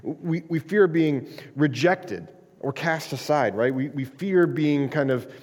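A man's voice: fairly high pitch, slow pace, a little mellow, big-room sound. A male pastor preaching a sermon in a conversational style, stumbling over restarts and often checking in with "right?".

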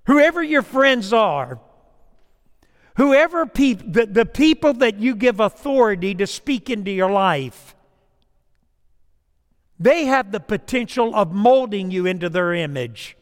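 Preaching slowly and emphatically, a pastor with a very high voice and lively intonation lowers into a soft, intimate tone whenever he tells a story. The audio rings with long reverb, and his lapel or stage mic crackles from time to time.

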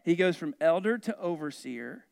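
A man's voice: a little high, expressive, moderate pace, creaky. A male pastor preaching a sermon in a conversational way, asking the congregation questions and adding humorous asides.

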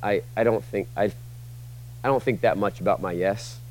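A male pastor preaching a sermon, swinging between loud emphatic peaks and quiet conversational asides. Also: lowish voice, moderate pace.

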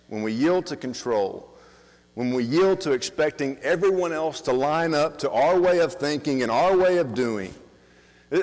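A man preaching a sermon as pastor, asking the congregation questions and building from quiet reflection to emphatic delivery, with frequent restarts. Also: medium pitch. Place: church hall. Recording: long reverb of a church hall.

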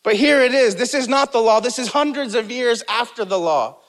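A man's voice: extremely high pitch, animated, fairly quick, fairly bright tone. A man preaching a sermon as pastor, emphatic, repeating key phrases and calling on the congregation to respond. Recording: long hall reverb.

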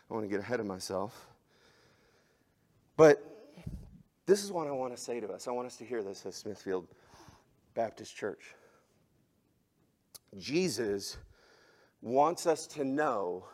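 A male pastor preaching a sermon, swinging between loud, emphatic exhortation and hushed, soft passages. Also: mid-range voice.

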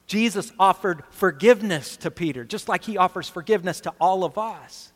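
A man delivers an earnest sermon, leaning on emphasis and asking his listeners rhetorical questions. His voice sits somewhat high for a man. The recording carries a long reverb tail, as if from a large hall. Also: moderate pace, few pauses, fairly bright tone. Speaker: pastor.

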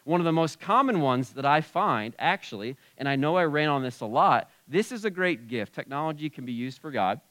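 A man's voice: fairly high pitch, animated, fairly quick, hardly any pauses, dry recording. A pastor preaching a conversational sermon in a church, often dropping and raising his voice. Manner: conversational preaching with shifts in loudness. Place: church sanctuary.

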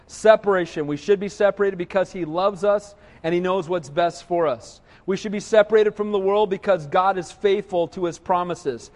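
A man's voice: sits high, moderate pace, hardly any pauses, a little mellow, big-room sound. A middle-aged man preaching a sermon, joking and telling stories, often asking listeners "right?". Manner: storytelling with humor, asks listeners "right?". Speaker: pastor.

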